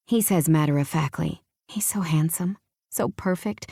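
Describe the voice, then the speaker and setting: A woman's voice: low-pitched, moderate pace, vocal fry, mellow, breathy edge, dry recording, studio quality. Breathless woman narrating a romance audiobook. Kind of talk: first-person romance narration.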